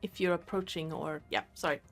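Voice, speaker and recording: A woman's voice: low-pitched, steady tone, fairly quick, faint music behind. A woman running a tabletop game as game master, narrating casually.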